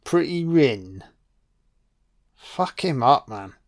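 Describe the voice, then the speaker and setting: A man's voice: medium pitch, animated, extremely slow. A man giving casual watch-along film commentary, swearing freely and talking back at the screen. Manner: profane, reactive, talks back at the screen.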